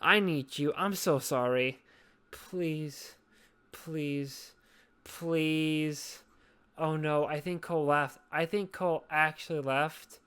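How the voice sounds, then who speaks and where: A woman's voice: low voice, normal speed, hardly any pauses, fairly bright tone, smooth. A drunk woman hosting a casual podcast chat, rambling, swearing and apologizing over and over. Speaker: podcast host.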